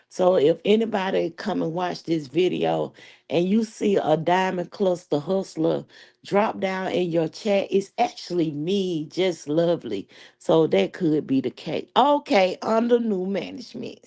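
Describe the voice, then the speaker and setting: Woman live-stream host, sassy profane chat, unhurried with a mellow low-bright timbre. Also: vocal fry. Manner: sassy, profane, laughing storytelling. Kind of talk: casual live-stream commentary.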